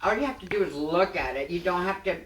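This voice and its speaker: A student asking the teacher hesitant, halting questions during a class. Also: mid-range voice. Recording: distant, roomy, faint noise.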